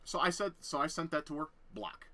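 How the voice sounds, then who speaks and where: A young man tells a personal story on his vlog in a heated, blunt rant laced with heavy swearing. His voice runs on the high side, expressive and a little fast, with a sharp tone.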